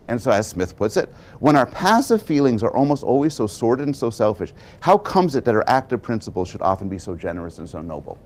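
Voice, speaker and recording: A man giving a prepared public talk, telling a story with animated delivery and dramatic pauses. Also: medium pitch. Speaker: public speaker.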